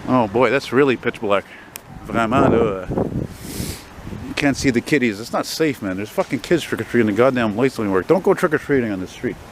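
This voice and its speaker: A man, walking a city street at night and chatting into his camera in a rambling, profane, easily excited way. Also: medium pitch, brisk. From Quebec, Canada. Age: 40s. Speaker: vlogger. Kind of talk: casual walking vlog. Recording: street traffic noise outdoors.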